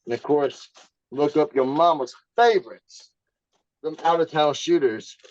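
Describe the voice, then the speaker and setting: A man co-hosting a casual podcast, easygoing and rambling, with a halting way of talking. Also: a little high, a little mellow, lo-fi sound. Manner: rambling, laid-back, halting. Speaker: podcast co-host.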